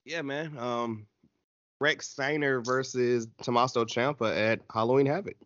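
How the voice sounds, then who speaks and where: Casual male co-host, lively and joking; dry, slightly muffled audio. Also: medium pitch, measured pace, dry recording. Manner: animated, laughing, slangy. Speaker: podcast co-host. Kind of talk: casual wrestling chat.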